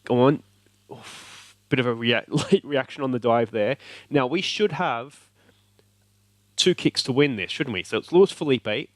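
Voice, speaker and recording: A man with an Australian accent hosting a let's play, giving excited commentary and cheering at the screen. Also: mid-range voice, measured pace, no room sound. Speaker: video game let's play host.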